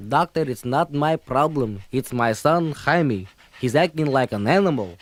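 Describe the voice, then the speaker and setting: In a comedy album sketch, a man plays a fretful immigrant father who speaks English with a Yiddish inflection, rambling and pleading in exasperation. His medium-pitched voice is expressive and lightly acted, at a measured pace.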